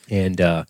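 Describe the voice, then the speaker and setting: This podcast co-host has a deep voice with a darkish tone, recorded dry at studio quality. He recaps a TV episode in relaxed conversation, laughing a lot and cursing without holding back.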